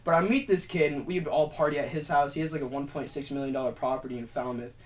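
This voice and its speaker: Young guy on a podcast, kinda high voice, swears a lot, super animated storytelling. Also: fast talker, slight background noise. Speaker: podcast guest. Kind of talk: casual chat.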